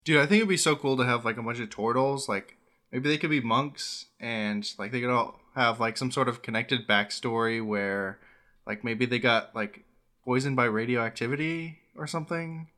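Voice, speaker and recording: Male co-host, bright and forceful tone, enthusiastic, lots of fillers. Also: mid-range voice, moderate pace. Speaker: podcast co-host. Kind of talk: casual chat about tabletop games.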